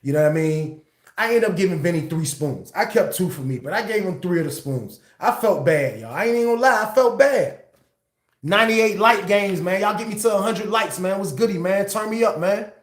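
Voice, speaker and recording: A man's voice: high voice, lively intonation, fairly quick, reverberant. A man hosting a casual storytime livestream, retelling events in loose, slangy talk.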